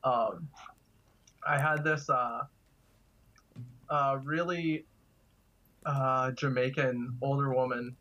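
A man's voice: mid-range voice, fairly even intonation, takes it slowly, pauses often, sharp tone, highs cut off. A man telling casual stories as a guest, chatty and laughing through his anecdotes. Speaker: guest, kidney donor. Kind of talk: casual storytelling.

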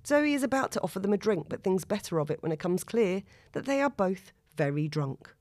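A woman narrating a story in a steady, expressive reading. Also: medium pitch, fairly quick, few pauses, dry recording, studio quality. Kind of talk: audiobook narration.

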